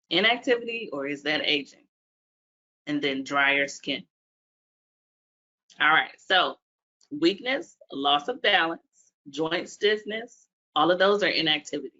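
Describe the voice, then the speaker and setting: A woman's voice: deep voice, sharp tone. A woman from Washington, D.C., a physical therapist, presenting a webinar and putting questions to her audience. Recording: dull lo-fi webinar audio.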